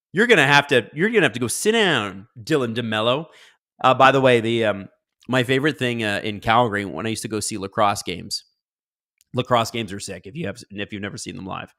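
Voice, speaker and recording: A man hosting a live watch-along stream, reading chat and reacting loudly to the game, dropping into mumbled asides. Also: medium pitch, brisk. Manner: excitable, swings from mumbled asides to loud outbursts.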